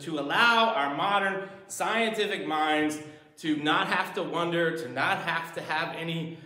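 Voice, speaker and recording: Animated male preacher in an echoey room. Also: a little high. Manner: animated, shifts between loud emphasis and quiet asides. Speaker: pastor. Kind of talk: sermon.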